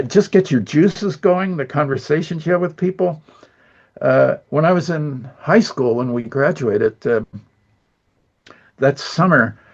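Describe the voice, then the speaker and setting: A man's voice: medium pitch, vocal fry, lo-fi sound. An older man who is an animator, chatting as an interview guest, telling rambling stories with lots of chuckles. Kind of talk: casual storytelling chat.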